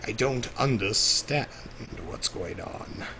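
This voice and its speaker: A man's voice: fairly low pitch, expressive, slow pace, sharp tone, slight background noise, full character voice. A man voicing Discord, a vain, theatrical male chaos spirit who calls people darling, drawls, sighs and laments melodramatically, in an improvised in-character Q&A livestream. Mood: fussy, bewildered.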